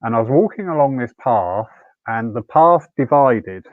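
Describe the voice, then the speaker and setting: A man's voice: medium pitch, animated, normal speed, dry recording. A man hosting a church evening over a video call, chatty and anecdotal, laughing easily. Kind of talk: hosting and telling a personal story. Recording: tinny, phone-like call audio.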